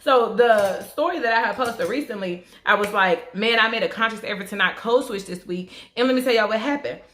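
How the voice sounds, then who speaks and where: A woman's voice: a little fast, a bit bright, roomy sound. A young woman with a Southern country twang, talking candidly and casually in a get-ready-with-me vlog. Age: young adult. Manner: candid, conversational, shifts into higher voice for quoted business tone. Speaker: vlogger.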